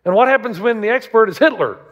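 A man's voice: sits high, animated, fast talker, muffled recording. A man preaching a sermon as a pastor, emphatic and full of rhetorical questions. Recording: long reverb of a large hall.

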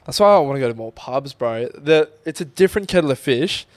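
A man's voice: medium pitch, animated, a little fast, no room sound. A young man co-hosting a podcast in casual, rambling chat. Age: young adult. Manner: chatty, rambling, uses bloke and mate. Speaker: podcast co-host.

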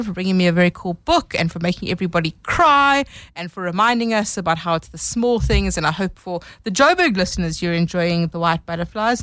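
A woman's voice: medium pitch, fairly bright tone, no echo, clean studio sound. A woman from South Africa hosting a midday radio news show, upbeat and conversational. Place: radio studio. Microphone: studio microphone.

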